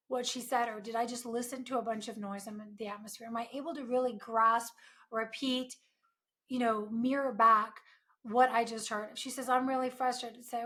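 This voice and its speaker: A woman hosts an advice podcast in a clear, bright voice pitched a little high. She coaches earnestly, tossing in rhetorical asides as she goes. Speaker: podcast host.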